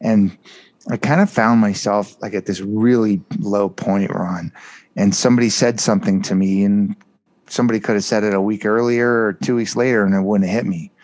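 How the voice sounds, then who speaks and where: Earnest low-voiced male storyteller. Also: fairly even intonation, normal speed, darkish tone. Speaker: guest. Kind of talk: candid personal storytelling.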